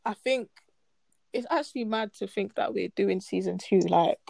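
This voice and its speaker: A woman's voice: mid-range voice, moderate pace, gravelly, darkish tone, no echo. A young woman co-hosting a podcast, talking bluntly and swearing with exasperation. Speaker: podcast co-host. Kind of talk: casual chat.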